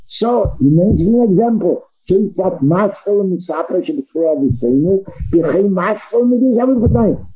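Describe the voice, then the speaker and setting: A man's voice: sits high, husky, muffled recording. A man teaching a Talmud lesson, thinking aloud, repeating words and restarting phrases as he works through the argument. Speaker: Torah teacher. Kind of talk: Talmud lecture.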